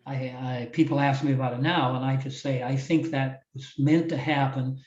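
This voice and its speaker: His mid-range, darkish voice holds a steady tone at a moderate pace. He's an older Iowan, once a wrestling champion and now a motivational speaker, telling a moving story in a podcast interview and frequently restarting, recorded with roomy, distant, dull-sounding audio.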